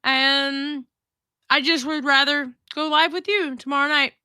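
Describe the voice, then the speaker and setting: A tipsy woman co-hosting a livestream, talking in a brash, crude way with constant swearing. Her voice sits high and sounds bright and sharp. It is recorded dry on a close mic. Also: steady tone, unhurried, no echo. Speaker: livestream co-host. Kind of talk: casual livestream chat.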